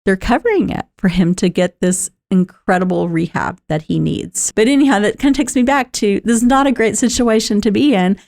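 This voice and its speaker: A woman's voice: mid-range voice, expressive, brisk, vocal fry, few pauses, darkish tone. A middle-aged woman talking candidly about keeping a positive mindset, conversational with lots of fillers and laughter. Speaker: talk host. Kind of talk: personal talk on positive mindset.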